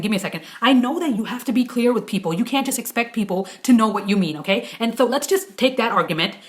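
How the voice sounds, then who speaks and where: Young female YouTuber, casual chat, hushed questions, animated rambling rants. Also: on the high side. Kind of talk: casual vlog chat, taking a quiz.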